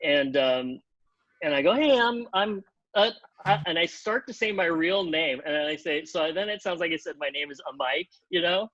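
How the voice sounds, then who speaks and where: A man tells a story on a podcast in a fairly high voice, animated and quick to act out the people in it. The sound is dry and a little dull, like a lo-fi recording. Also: no room sound. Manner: animated, acts out quotes in pitched-up voices, many "like" fillers. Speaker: podcast guest, TV comedy writer. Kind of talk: casual storytelling.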